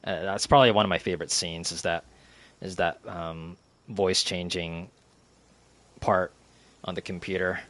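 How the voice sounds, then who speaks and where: A man's voice: low voice, fairly even intonation, moderate pace, pauses often, fairly bright tone. A young man streaming a game and chatting casually, rambling with lots of fillers, restarts and giggles.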